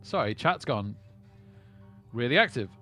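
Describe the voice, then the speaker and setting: A man streaming his poker session and talking to his chat in a loose, rambling way. He often stumbles over the first words of a sentence, and his pitch rises and falls a lot. Soft music plays quietly behind him. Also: big pitch swings, unhurried. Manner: rambling, repeats words when starting sentences. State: lightheaded. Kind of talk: casual live-stream chat.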